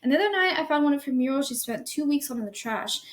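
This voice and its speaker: A woman's voice: sits high, expressive, quick pace, voice pushed up. A woman reading aloud voices a young husband who sounds tentative and apologetic as he questions his wife. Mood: uneasy. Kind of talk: storytelling voice.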